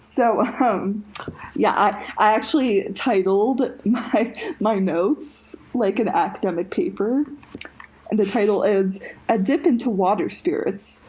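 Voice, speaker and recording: A young woman co-hosts a podcast, chatting casually and rambling with plenty of fillers and restarts. Her mid-range voice has a darkish tone, and the recording quality is low.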